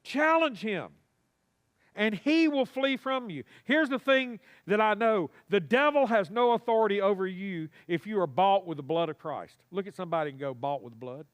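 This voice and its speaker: A man whose voice runs high for his gender delivers a sermon from a church sanctuary. He is lively and folksy, frequently calling for responses from the congregation, and keeps a moderate pace.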